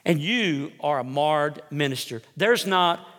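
A man preaching an expository sermon live to a congregation, emphatic and slowing down to stress key words. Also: on the high side, lively intonation, a bit bright, in a large hall. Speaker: preacher and teacher.

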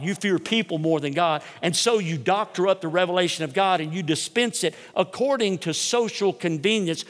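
A man preaching an expository sermon live to a congregation, emphatic and slowing down to stress key words. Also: sits high, a bit bright, long reverb tail. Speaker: preacher and teacher.

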